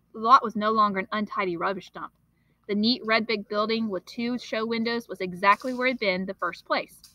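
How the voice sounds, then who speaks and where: A woman, a teacher, reading a children's novel aloud in an expressive, steady storytelling manner. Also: mid-range voice, dry recording, rough recording.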